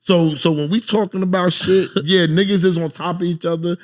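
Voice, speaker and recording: Guest: brash New York man, middle-aged, higher voice, tells profane stories and acts out quotes. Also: fairly even intonation, fairly quick. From South Jamaica, Queens, New York. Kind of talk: casual podcast chat.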